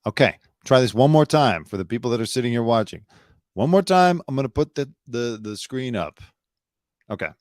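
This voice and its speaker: A man's voice: medium pitch, lively intonation, a little fast, a little mellow, no room sound, clean studio sound. A man hosting a live news commentary show, blunt, sarcastic and opinionated, talking loosely with fillers and asides.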